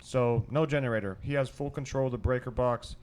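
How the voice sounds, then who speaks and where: A man's voice: mid-range voice, fairly even intonation, brisk, darkish tone. A man co-hosting a podcast in a studio, brainstorming in a rambling, profane way, full of restarts and swearing. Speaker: podcast co-host. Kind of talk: casual brainstorming chat.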